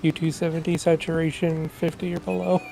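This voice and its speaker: Offhand man over loud game music. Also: on the high side, completely flat delivery, fairly quick, creaky, rough recording. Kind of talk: casual chat while gaming.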